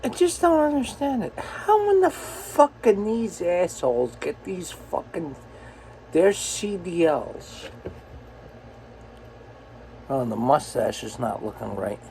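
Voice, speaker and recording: Slow, profane, ranting trucker man. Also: high voice, sing-song, vocal fry, dark tone, slight background noise, low-quality recording. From United States. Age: 40s. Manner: profane, angry, rambling. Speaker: truck driver. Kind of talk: ranting self-filmed vlog.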